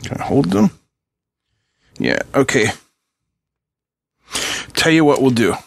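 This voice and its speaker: A man's voice: mid-range voice, very animated, slow pace, gravelly, husky, no room sound. A middle-aged man hosting a casual electronics tutorial at his home workbench, joking and chatting with viewers while he solders and tests a board. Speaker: electronics channel host.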